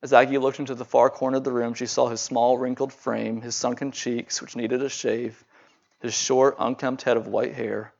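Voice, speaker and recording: An earnest male preacher retells a story in a sermon, his delivery unhurried and at times halting on repeated words. His voice sits at an ordinary pitch. The recording sounds dull and muffled. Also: level tone, vocal fry, a little mellow. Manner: earnest, with halting repetitions when speaking freely.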